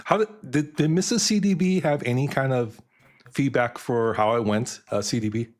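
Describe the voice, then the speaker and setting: A middle-aged man hosting a live stream in casual chat, emotional and halting, often repeating words. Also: medium pitch. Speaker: stream host.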